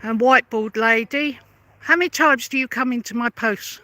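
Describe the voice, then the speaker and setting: A woman rants straight at her detractors in a vlog, sarcastic and combative, hammering the same questions again and again. Her voice is sharp and tense, and the recording is dry and close with no room sound. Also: a little high, moderate pace, no echo. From London. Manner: confrontational, sarcastic, repeats pointed questions. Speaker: vlogger. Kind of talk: angry rebuttal rant to camera.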